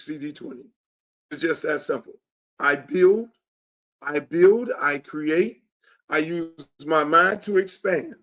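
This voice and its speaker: Blunt, emphatic man with a high voice. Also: a bit bright. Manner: emphatic, repetitive, blunt and profane. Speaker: show host and political candidate. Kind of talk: casual political monologue.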